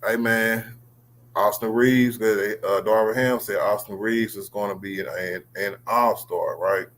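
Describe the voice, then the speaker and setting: Low-pitched man, slangy stream host, faint noisy line. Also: fairly even intonation, unhurried, a bit bright. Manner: loose, calls on guests, slangy. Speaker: livestream host. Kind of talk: casual sports talk.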